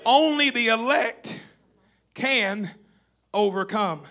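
A man's voice: extremely high pitch, slow, bright, forceful tone. A man from Tennessee, preaching a sermon with emphatic, repeated calls to the congregation. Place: church or camp meeting hall.

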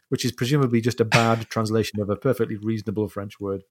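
A man's voice: on the low side, quick pace, a little hiss or hum. A man hosting a podcast, chatting about a novel's humour and now and then reading lines. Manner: animated, reads quoted lines in put-on accents. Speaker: podcast host. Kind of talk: conversational book discussion.

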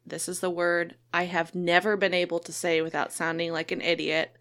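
A woman co-hosting a podcast in casual chat, relaxed and chatty, with many fillers. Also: lowish voice, moderate pace. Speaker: podcast co-host.

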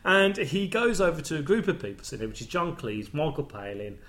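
A man's voice: on the high side, big pitch swings, brisk, fairly bright tone. A man in casual conversation, enthusiastically retelling comedy scenes and laughing along. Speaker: podcast host. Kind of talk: casual film chat.

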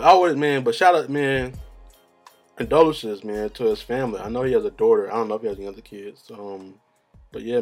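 A young man, rambling in casual slang-heavy chat as a solo vlogger, laughing at his own stories. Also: medium pitch.

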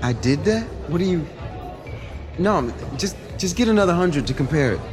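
A man's voice: a little high, animated, moderate pace, natural voice. An actor playing a young man protesting that his banknote is real. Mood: indignant. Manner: protesting, incredulous. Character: indignant young man accused of fake money. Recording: TV clip with music and crowd.

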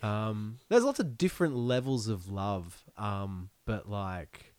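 A young man talks as a podcast guest, his pitch swinging widely as he rambles between thoughts. He laughs often and swears casually. The sound is close and dry. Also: animated, slow, darkish tone, smooth, no room sound. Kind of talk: casual interview chat.

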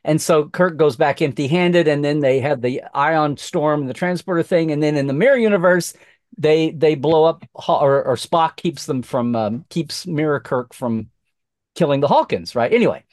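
A middle-aged man from Oklahoma, a podcast guest, telling a lively story in casual chat, acting out quoted voices with many restarts. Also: a little high, moderate pace, no room sound, clean studio sound.

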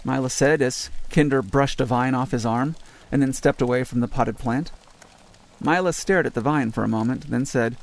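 A man reading an audiobook in measured scripted narration. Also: mid-range voice, expressive, vocal fry.

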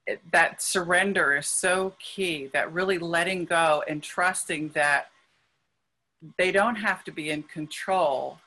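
A woman guest, a spiritual healer, explaining ideas earnestly and gently in an interview. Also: on the low side, takes it slowly, poor audio. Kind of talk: conversational interview.

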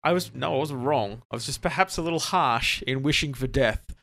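A man's voice: medium pitch, fairly quick, vocal fry, fairly bright tone, dry recording. A man co-hosting a podcast while sick with a sore throat, joking and rambling with lots of restarts. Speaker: podcast co-host. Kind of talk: casual chat.

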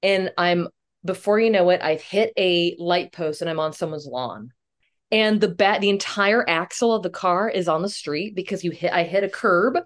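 A young woman, a comedic actress, telling a self-mocking story as a podcast guest, animated and swearing casually. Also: lowish voice, normal speed.

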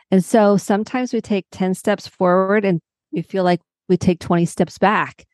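A woman's voice: mid-range voice, steady tone, normal speed, darkish tone, no room sound, studio quality. A middle-aged woman psychotherapist explaining coping steps as a podcast guest, walking through everyday examples. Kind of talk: podcast interview.

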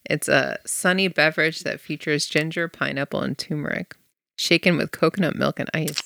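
A woman co-hosting a podcast in casual chat, teasing and quick to laugh. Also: low voice, creaky, fairly bright tone, dry recording, studio quality. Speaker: podcast co-host.

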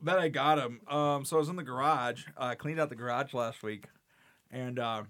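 A man's voice: mid-range voice, normal speed, a bit bright, dry recording, studio quality. A man co-hosting a podcast, chatting casually with teasing, mocking banter. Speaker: podcast co-host. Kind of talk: casual chat.

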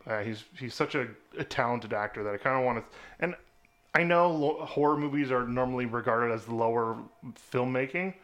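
A man's voice: mid-range voice, fairly quick, fairly bright tone. Chatty laughing man. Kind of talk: casual chat.

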